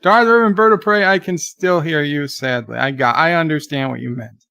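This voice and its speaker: A man hosting a casual livestream, reading viewer comments aloud and chatting in a slow, relaxed way. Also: on the high side, vocal fry, smooth, no echo, studio quality. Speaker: livestream host.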